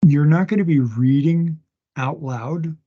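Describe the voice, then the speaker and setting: A male instructor giving a recorded class lecture from home, talking slowly and haltingly, often pausing and restarting, and sounding out words one at a time and repeating them. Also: a little high, husky. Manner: slow, halting, with many restarts and fillers. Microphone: online meeting recording. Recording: dull lo-fi meeting audio.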